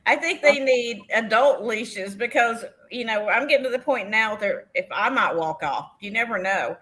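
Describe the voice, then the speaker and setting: A woman tells stories in an animated, chatty way and laughs often as she goes. Her voice is bright and forceful and sits fairly high. She comes across as a middle-aged co-host chatting casually during a live sale. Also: normal speed. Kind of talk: casual storytelling chat.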